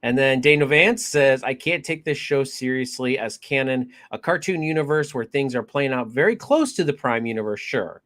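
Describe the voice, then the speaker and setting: A man hosting a casual review chat, talking excitably with stumbling restarts. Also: mid-range voice, moderate pace, few pauses. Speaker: show host.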